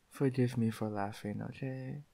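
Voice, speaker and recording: A man with a lisp playing a tender young boyfriend who soothes and comforts, in a soft, affectionate whispered role-play. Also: on the low side, creaky, full character voice.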